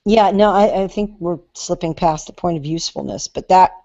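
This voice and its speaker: A woman with a lowish voice hosts a podcast in casual chat, rambling and stopping often for fillers. The recording sounds dull and lo-fi. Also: normal speed, warm tone. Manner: chatty, hesitant with many fillers. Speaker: podcast host.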